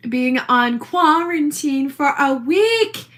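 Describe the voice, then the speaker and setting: A social media poster records herself in a rambling video rant, brash, profane and defiant. Her voice is high-pitched and animated, somewhat bright, and she speaks slowly.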